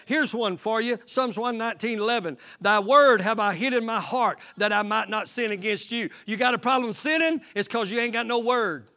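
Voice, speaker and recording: A man's voice: very high-pitched, moderate pace, hardly any pauses, sharp tone. A man preaching a fervent sermon as pastor, repeating lines and calling out to the congregation. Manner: fervent, repetitive call-and-response preaching.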